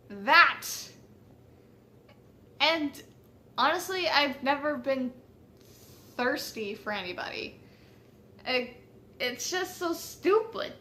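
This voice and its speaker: A woman's voice: high voice, pushed and bright. A woman casually telling a personal story, chatty and swearing freely, laughing at how silly it was.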